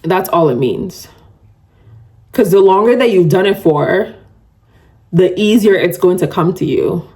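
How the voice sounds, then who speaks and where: Chatty woman podcast host, low voice. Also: measured pace. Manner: chatty, animated, laughs often, self-described yapper. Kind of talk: casual solo podcast talk.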